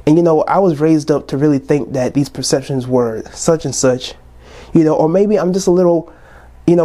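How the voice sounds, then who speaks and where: Young male podcast host in his twenties, preachy ranting tone, slightly high and mellow. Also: moderate pace. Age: 20s. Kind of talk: casual podcast monologue.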